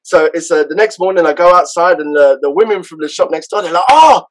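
A man with a London accent, a podcast guest and karate instructor, telling stories casually in an animated way, with frequent restarts. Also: on the high side, fast talker, poor audio. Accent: London English. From London, England. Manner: animated, acts out others' voices, frequent restarts. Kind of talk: casual storytelling.

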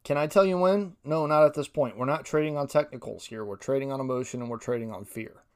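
A man's voice: mid-range voice, fast talker, darkish tone, clean tone. A young man from Ohio hosting a podcast on his own, talking casually in a rambling, self-deprecating way and reading quotes aloud. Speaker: podcast host. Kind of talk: solo casual podcast commentary.

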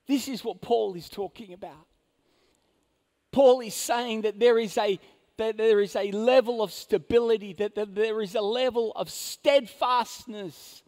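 A man preaching a sermon as a pastor, telling a personal story in a casual, animated way, swinging between loud emphasis and quiet asides. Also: high-pitched. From Orange County, California. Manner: conversational fillers like "like" and "you know".

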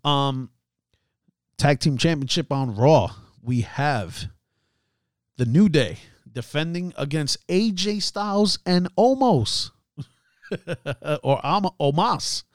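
A man's voice: fairly high pitch, slow, long pauses, no echo, clean studio sound. A man hosting a casual solo commentary show, chatty, laughing at himself and restarting his sentences often. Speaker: podcast host.

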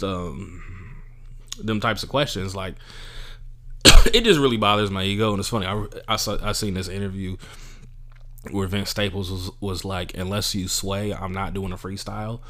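A man's voice: lowish voice, normal speed, long pauses, fairly bright tone. A young adult man, a comedian, ranting casually and profanely, acting out the people he quotes. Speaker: podcast host and comedian. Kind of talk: casual monologue.

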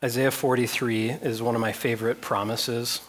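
A man's voice: medium pitch, level tone, moderate pace, fairly bright tone. A man preaching a sermon as pastor, reading scripture aloud with rising intensity and repeating phrases.

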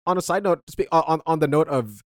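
A young man in casual chat, relaxed and agreeable, often saying yeah and dude. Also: on the high side, quick pace, no room sound, studio quality.

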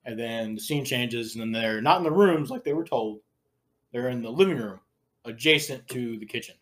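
A man's voice: medium pitch, moderate pace, fairly bright tone. A man hosting a podcast, casually retelling a scene in a crude, laughing way. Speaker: podcast host.

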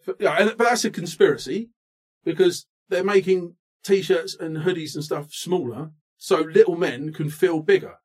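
A man's voice: fairly high pitch, normal speed. Ranting man in his thirties. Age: 30s. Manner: animated, self-mocking, ranting. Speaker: podcast co-host. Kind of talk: comic rant in casual chat.

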